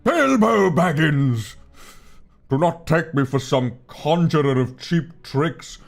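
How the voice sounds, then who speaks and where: A man voicing a stern, booming old male wizard in a slow, loud impression. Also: expressive, creaky, soft background music, exaggerated voice.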